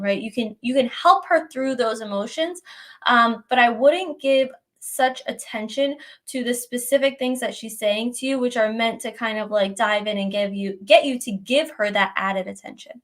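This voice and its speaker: A young adult woman hosting a live question-and-answer stream, giving advice in a conversational, gently reassuring way and often checking in with "right?". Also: a little high, moderate pace. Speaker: host answering viewer questions.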